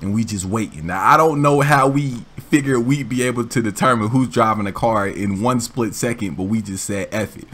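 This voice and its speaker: A man hosting a gaming channel, telling a story in a casual, animated, slangy way with frequent laughs. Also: mid-range voice, normal speed, few pauses.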